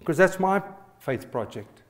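This middle-aged pastor has a high, expressive voice and takes his time. During the sermon he tells personal stories, pausing often to ask the congregation for a response.

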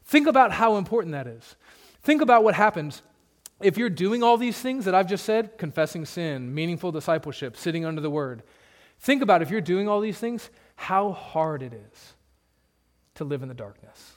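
A man preaching a sermon in a church, earnest and emphatic, often dropping to a low hush for emphasis. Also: expressive, moderate pace. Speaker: pastor.

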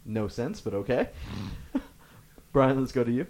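A man hosting and judging a casual game among friends, upbeat and quick, often laughing. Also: medium pitch, very animated, a little mellow. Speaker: game host and judge.

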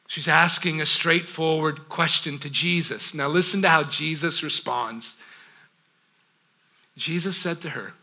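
A man preaching a sermon, asking rhetorical questions and acting out scripture with dramatic pauses and sudden hushed drops. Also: a little high. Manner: rhetorical questions, acts out biblical quotes. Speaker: pastor.

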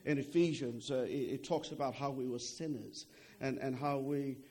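A man's voice: medium pitch, fairly even intonation, moderate pace, darkish tone. A young adult man preaching a sermon in a conversational way, often checking in with "okay?" and repeating words as he goes.

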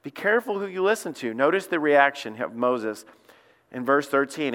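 A lead pastor preaches at a moderate pace in a medium-pitched, slightly bright voice. Conversational in tone, he acts out quotations during the sermon. The recording carries the long reverb of a church sanctuary.

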